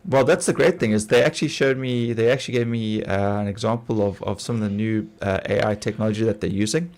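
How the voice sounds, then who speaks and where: A middle-aged South African man with a South African accent chats casually on a game stream, rambling with lots of fillers and frequent laughter. His voice is lowish and darkish in tone, and he talks fast.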